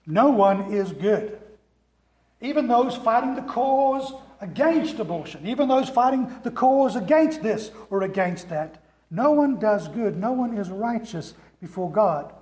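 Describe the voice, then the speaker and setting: A man's voice: sits high, lively intonation, measured pace, darkish tone, roomy sound. A man preaching a sermon as pastor, driving points home with rhetorical questions and repetition. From America.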